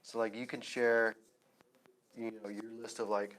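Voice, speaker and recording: Woman, very deep voice, casual co-host, relaxed, fillers, faint hiss. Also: moderate pace, low-quality recording. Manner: relaxed, filler-heavy, many "like"s. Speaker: podcast co-host. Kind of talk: casual chat.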